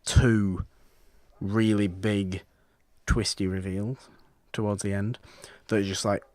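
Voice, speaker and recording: A man co-hosting a podcast, talking about films casually, lively and acting out reactions. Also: lowish voice, slow, no room sound, clean studio sound. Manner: animated, acts out reactions, frequent restarts. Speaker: podcast co-host. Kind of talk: casual film chat.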